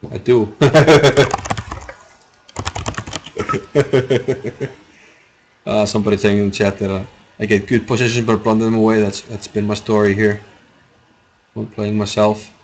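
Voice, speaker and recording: A man's voice: fairly low pitch, steady tone, slow pace, pauses often, slight background noise. A man from Iceland, giving rambling, chatty live commentary on a chess game and answering viewers' chat.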